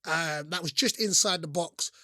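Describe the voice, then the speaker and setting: Man, podcast guest, high voice, dry close sound, acts out quotes, laughs through stories. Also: normal speed, sharp tone, dry recording. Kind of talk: animated storytelling chat. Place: podcast studio.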